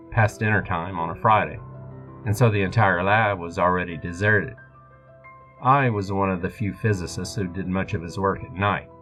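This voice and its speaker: Low guy reading a scary story, steady and calm, soft music under. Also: poor audio. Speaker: horror story narrator. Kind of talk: scripted first-person narration. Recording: music bed behind voice.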